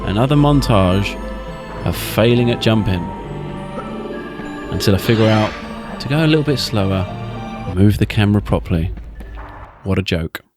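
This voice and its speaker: A man talks through his playthrough in a wry, chatty way. His voice sits a bit low for a man. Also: expressive, moderate pace, pauses often, music in the background. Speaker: gaming channel host. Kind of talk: casual playthrough commentary.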